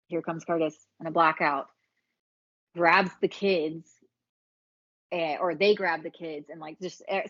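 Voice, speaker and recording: A woman's voice: low voice, no echo. A woman from Alabama, telling her story frankly as a podcast guest, swearing freely and acting out what people said. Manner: frank, swears freely, acts out quoted dialogue. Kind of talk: candid casual storytelling. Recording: dry, slightly dull sound.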